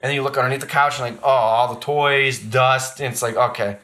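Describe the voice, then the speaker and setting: A man hosts a laid-back podcast, rambling through stories with plenty of swearing and "dude". His voice is bright and forceful at a middle pitch. He gets animated and jumps high in pitch when he acts out quotes. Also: a little fast. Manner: rambling, profane storytelling, says "dude" and "bro" a lot. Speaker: podcast host. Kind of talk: casual chat.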